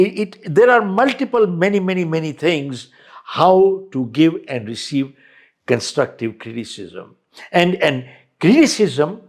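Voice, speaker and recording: A man's voice: a little high, creaky. An older man, a podcast guest, giving motivational advice with emphatic stories and repeated key lines. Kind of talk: storytelling advice in conversation.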